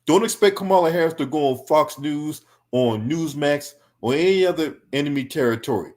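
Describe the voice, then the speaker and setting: Man, angry political reaction stream, confrontational, profane, somewhat high pitch. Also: expressive, brisk, darkish tone. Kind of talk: heated reaction commentary.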